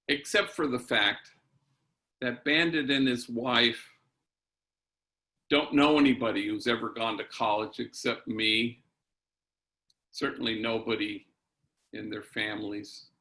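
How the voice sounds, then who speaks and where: A middle-aged priest tells a story in a keynote address, with a bright, forward tone. He takes his time, pausing on fillers and dropping bits of Spanish slang into his storytelling. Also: mid-range voice, gravelly. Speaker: priest giving a keynote talk.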